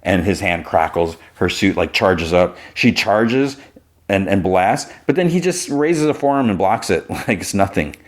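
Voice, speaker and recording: A man's voice: low voice, animated, measured pace. A man hosting a podcast, casually recapping a TV episode with lots of fillers. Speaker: podcast host.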